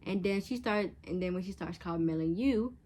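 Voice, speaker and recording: A woman's voice: lowish voice, a little fast, a little mellow. A teenage girl vlogger giving frank, chatty advice straight to camera, casual and blunt. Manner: chatty, frank, acts out catty voices in quotes.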